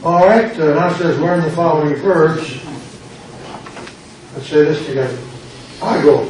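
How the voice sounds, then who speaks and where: Unhurried and darkish, this slightly high male voice belongs to an older American pastor teaching Greek in a church classroom. He quizzes the class with drills, repeating words and tossing out playful puns. Audio is noisy, heavily echoed and recorded from afar.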